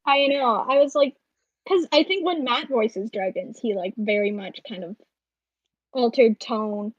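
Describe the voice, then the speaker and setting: A woman co-host talks casually in a live online chat, lively and joking. Her voice sits a little high and sounds dry and close. The audio is dull and lo-fi. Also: no room sound. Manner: animated, joking, quick asides.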